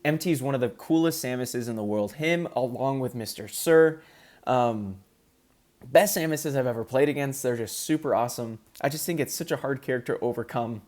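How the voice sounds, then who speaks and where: A man's voice: medium pitch, brisk, darkish tone. A man in casual commentary, ranking competitive gamers in an upbeat, chatty way with frequent ums.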